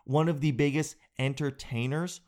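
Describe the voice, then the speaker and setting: A man comedian telling a comic monologue in an animated, profane storytelling way. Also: fairly high pitch, normal speed. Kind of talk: stand-up style comic monologue.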